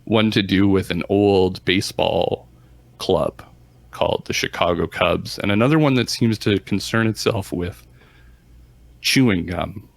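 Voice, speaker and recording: A man narrating a tabletop role-playing game as game master in an unhurried, measured way. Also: low voice, gravelly, no room sound.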